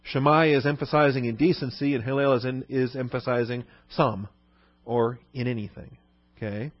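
A man's voice: medium pitch, fairly even intonation, normal speed, dry recording, dull audio. A man teaching a Bible lesson in a conversational sermon style, often asking the listeners "okay?". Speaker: pastor.

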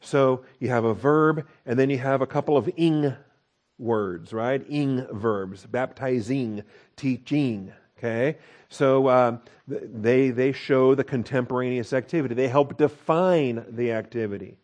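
A man's voice: mid-range voice, moderate pace, darkish tone. Man preaching, repeating key points. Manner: explanatory, repeats key points, frequent checking "all right?". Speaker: pastor teaching scripture. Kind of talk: expository sermon on Greek grammar.

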